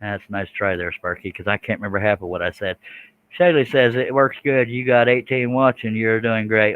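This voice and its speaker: A man's voice: on the low side, a little fast, clean tone, phone-quality sound. A man, chatting casually with viewers while he works a scroll saw on a livestream. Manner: folksy, chatty, reads out viewer comments.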